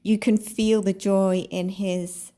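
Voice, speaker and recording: A woman's voice: medium pitch, level tone, slow, dark tone. A woman hosting her own channel, giving reflective commentary on a video and asking viewers to consider how it made them feel. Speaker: psychic channel host.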